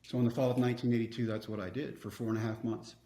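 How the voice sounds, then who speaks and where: A man's voice: medium pitch, level tone, rapid-fire, mellow, echoey room. A man, telling personal stories earnestly as a podcast guest. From Texas. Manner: earnest, reflective storyteller. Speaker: guest speaker. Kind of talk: storytelling interview.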